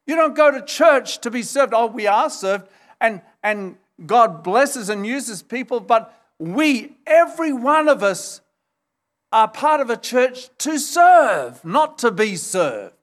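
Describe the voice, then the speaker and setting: Male pastor, higher-pitched voice, unhurried emphatic sermon delivery. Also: very animated. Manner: emphatic, retells scripture with acted quotes.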